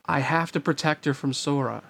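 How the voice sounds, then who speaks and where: A brooding, troubled teenage swordsman, as a man reading a novel aloud puts him on. His voice is gravelly and stays close to the reader's own, urgent and intense. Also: fairly high pitch, moderate pace, a bit bright. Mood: bitter.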